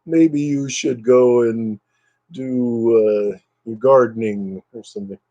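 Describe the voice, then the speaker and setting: A man hosting a casual livestream, low on energy and a bit fried in the voice, rambling as he answers viewers' comments. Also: slow, mellow, no room sound, lo-fi sound. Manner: rambling and chatty, reading out viewer comments, drifting into brief impressions. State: low energy, recovering from illness. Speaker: livestream host chatting with viewers. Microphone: computer webcam mic.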